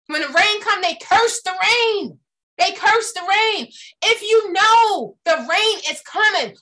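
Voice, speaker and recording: A woman's voice: extremely high pitch, expressive, a little slow, pushed and bright. A woman giving a motivational talk, emphatic and full of personal stories, often asking her audience questions. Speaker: motivational speaker.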